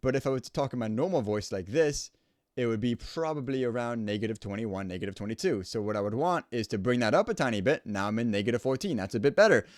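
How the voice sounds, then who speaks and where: Man, audio engineer, casual tutorial, animated delivery, dry close-mic sound. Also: mid-range voice, fast, no room sound. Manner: casual and explanatory, stresses points by repeating them. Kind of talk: home studio recording tutorial. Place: home studio. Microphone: studio microphone at close range.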